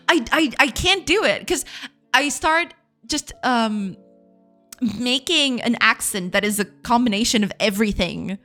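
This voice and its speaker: A woman's voice: on the high side, animated, unhurried, bright, forceful tone, faint music behind. Laughing woman streamer chatting with viewers. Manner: self-deprecating, laughs often, repeats words. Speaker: game dev streamer. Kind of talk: casual live-stream chat with viewers.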